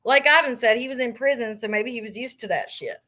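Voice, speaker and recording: A woman hosting a live book club, reading a memoir aloud in a casual, profane way and reacting loudly between passages. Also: on the high side, fairly quick.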